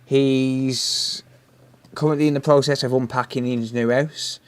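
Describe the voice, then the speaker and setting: A man's voice: medium pitch, steady tone, a little slow, clean tone. A British man hosting a repair live stream, chatting casually and answering viewer messages while he works. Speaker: repair livestream host.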